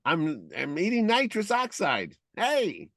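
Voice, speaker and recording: A squeaky, giddy goof who sounds high on laughing gas, as a man puts him on. The voice is pushed far up in pitch, silly and loose. The recording is close and dry. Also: huge pitch swings, slow, gravelly, fairly bright tone, dry recording, exaggerated voice.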